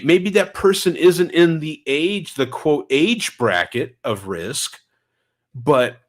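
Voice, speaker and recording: Animated man telling stories, slightly stuffy. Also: medium pitch. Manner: animated storyteller, reads and answers chat comments. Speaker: vlogger. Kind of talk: casual livestream chat.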